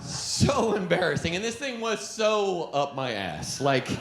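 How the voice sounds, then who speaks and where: A man performing a stand-up comedy set on a club stage, telling stories with an animated delivery. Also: high voice, a little slow. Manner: animated storytelling, breaks into laughs. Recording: echoey club with background noise.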